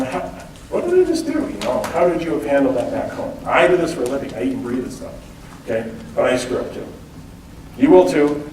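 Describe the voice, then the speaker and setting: A man's voice: medium pitch, slight background noise. A man giving a conversational public talk, often checking in with the audience with "okay?" and "right?". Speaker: lecturer. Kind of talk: public talk on cultural differences. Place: event hall. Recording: roomy sound from a distant mic.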